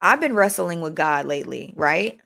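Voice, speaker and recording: A young woman hosting a motivational live chat, animated and talking straight to her listeners, often repeating herself. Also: low voice, moderate pace, vocal fry. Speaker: host.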